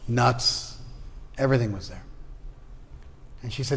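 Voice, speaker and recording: A man's voice: medium pitch, moderate pace, pauses often. A man teaching a spiritual class, telling a traditional story in a casual, conversational way with personal asides. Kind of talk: storytelling lecture. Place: class room in a hall. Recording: long hall reverb.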